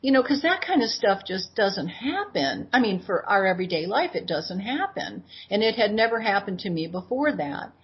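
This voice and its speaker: A woman in her sixties, a guest in an interview, telling her personal story in an animated way and acting out what she said back then. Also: medium pitch, normal speed, few pauses, breathy edge. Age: 60s. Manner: animated retelling that acts out her own past words. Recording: dull lo-fi audio.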